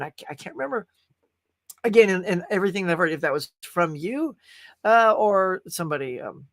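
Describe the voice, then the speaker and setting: A man hosting a casual live stream, rambling and animated as he reads viewer comments. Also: sits high, no echo, studio quality. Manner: rambling, animated, full of restarts. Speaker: livestream host.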